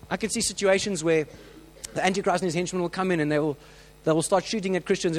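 A man preaching a sermon, telling stories with lively acted-out voices and frequent restarts. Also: on the high side, poor audio. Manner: animated storytelling, acts out quoted voices; many restarts and filler words.

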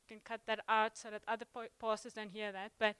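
A young woman giving a sermon in a church, chatty and halting, full of ums and restarts. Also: medium pitch, flat delivery, fairly bright tone, clear, resonant tone, no room sound. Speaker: guest preacher. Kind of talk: sermon opening, casual warm address.

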